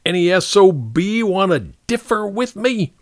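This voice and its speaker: A man voicing a bullying, loud army captain who sneers and bellows at his troops. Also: high voice, very animated, a little slow, no room sound, clean studio sound, pitched above the performer's own voice. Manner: bellowing, sneering, uneducated grammar.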